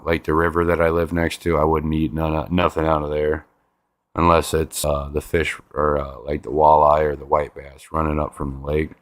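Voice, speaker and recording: A man's voice: extremely low pitch, a bit bright, no echo. A laid-back man hosting a casual livestream, chatting with viewers in a rambling way and repeating his words. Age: adult with a five-year-old. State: stiff sore neck. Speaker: livestream host. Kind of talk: casual chat reading viewer comments.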